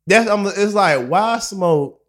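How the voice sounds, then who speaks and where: A young man with a slightly high voice tells a story in casual chat. He rambles through it, profane and full of slang and fillers. He gets loud and laughs at the funny parts. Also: lively intonation, takes it slowly.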